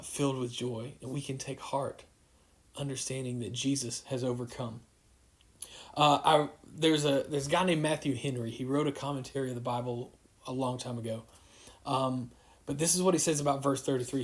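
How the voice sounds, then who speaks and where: A man giving a casual livestreamed devotional as a youth pastor, halting with many fillers and restarts. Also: medium pitch.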